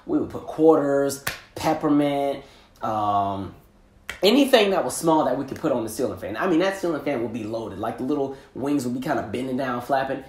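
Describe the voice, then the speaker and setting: A man hosting a podcast, telling casual stories in a slangy, animated way and laughing often. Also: medium pitch, normal speed, reverberant. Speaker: podcast host. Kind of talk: casual storytelling monologue.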